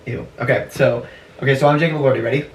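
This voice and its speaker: A man's voice: medium pitch, steady tone, rapid-fire. Teasing man on a distant podcast mic. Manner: teasing, crude, laughs often. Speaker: podcast host. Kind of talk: casual joking chat. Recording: roomy, distant mic with faint noise.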